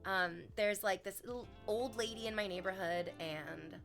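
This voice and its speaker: A woman's voice: mid-range voice, normal speed, vocal fry, over music. A young woman streaming, chatting casually with her viewers and telling a story with playful quoted voices. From Canada.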